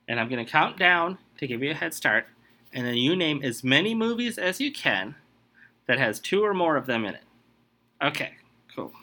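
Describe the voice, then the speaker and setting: A man on a comedy podcast running a movie quiz game, talking in an animated way with exasperated outbursts. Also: fairly high pitch.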